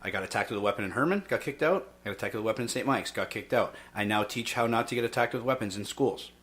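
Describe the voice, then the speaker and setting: A man with a lowish voice talks fast and with energy. He argues emphatically as a podcast host and keeps dropping in "okay" as he builds his point. The delivery is quick and pushy, more chat than speech. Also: a bit bright. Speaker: podcast host and youth fitness instructor. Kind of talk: casual debate chat.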